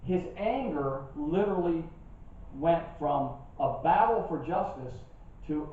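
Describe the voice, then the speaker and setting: An older man preaching a sermon as a pastor, telling stories with lively asides to his listeners. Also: fairly high pitch, takes it slowly. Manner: animated storytelling with asides to the congregation. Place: church sanctuary. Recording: distant, dull church recording with heavy echo.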